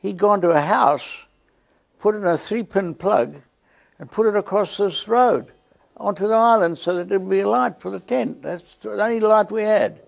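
A man with a South African accent telling a lively testimony story to a church, acting out the scenes as he goes. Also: sits high, normal speed, gravelly. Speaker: guest preacher.

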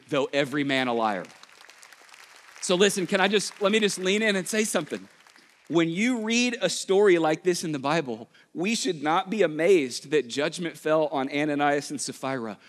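Storytelling pastor in a reverberant hall. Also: male voice, a little high. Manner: storytelling, shifts between urgent quick bursts and slow hushed emphasis. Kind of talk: sermon. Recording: long church hall reverb.

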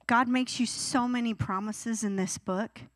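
Animated woman preaching, dry close sound. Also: a little high, measured pace, dry recording. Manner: animated, acts out whiny teenage voices. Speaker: youth pastor. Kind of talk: sermon.

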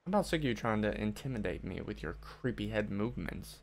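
Guy streaming a game, gravelly voice, goofy trash talk at the npcs. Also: on the low side, sing-song, fast talker, slight background noise. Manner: joking, mock-outraged trash talk. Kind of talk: casual gameplay commentary.

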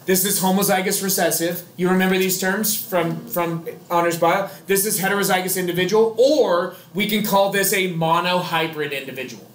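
A man's voice: high voice, fairly even intonation, normal speed, few pauses, a little hiss or hum. A man teaching a biology class, chatty and joking, quizzing his students as he explains. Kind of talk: classroom lecture. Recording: echoey classroom.

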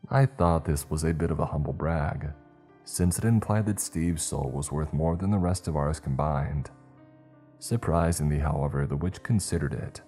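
A man's voice: a bass voice, moderate pace, warm tone, slightly rough, soft background music. A man narrating a scripted horror story with dry, wry humour.

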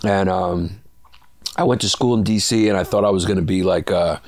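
A man's voice: low-pitched, moderate pace, creaky, dry recording. A man from Brooklyn, telling rambling, profane stories as a comedian guest in a casual interview. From Brooklyn, New York. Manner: rambling, profane, laughs through his stories.

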